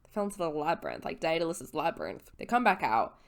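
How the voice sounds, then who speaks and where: A woman's voice: sits low, huge pitch swings, fast, vocal fry. Tipsy woman rambling through a recap. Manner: rambling, swearing, with slips and self-corrections. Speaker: vlogger. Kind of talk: casual book recap.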